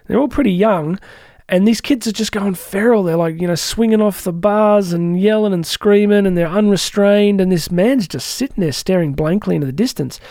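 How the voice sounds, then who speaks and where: High-voiced man giving conversational life advice. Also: darkish tone, no echo, studio quality. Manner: conversational and coaching, with many asides to the listener. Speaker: host. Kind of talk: reflective podcast talk on personal growth.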